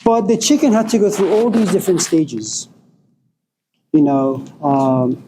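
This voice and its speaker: Slow, mellow-voiced male lecturer. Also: high voice, expressive, slight background noise, poor audio. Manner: slow, deliberate, digressive storytelling. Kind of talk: philosophical lecture with storytelling.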